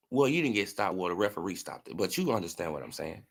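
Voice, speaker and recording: A man's voice: fairly low pitch, big pitch swings, brisk, creaky, hardly any pauses, bright, forceful tone. A man hosting a casual boxing commentary stream, talking in a mocking, profane way, laughing often and answering his chat. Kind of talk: casual livestream sports commentary.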